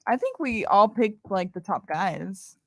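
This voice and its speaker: A woman's voice: medium pitch, lively intonation, measured pace, a bit bright, no room sound. A young woman co-hosting a podcast in casual chat, giggling often and sticking up for her picks. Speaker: podcast co-host.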